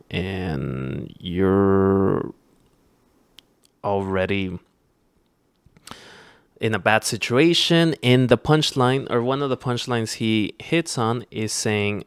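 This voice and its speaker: A man co-hosting a podcast, giving measured, sardonic commentary with frequent pauses on a close mic. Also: sits low, smooth, dry recording. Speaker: podcast co-host. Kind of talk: casual critical commentary.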